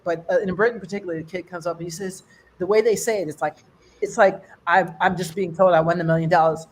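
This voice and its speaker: Chatting like a friend with her online fundraiser audience, an older American comedian rambles through a loose stand-up set, her pitch jumping sharply when she mimics someone's accent. Her tone is on the dark side, and a faint hiss of noise sits under her voice.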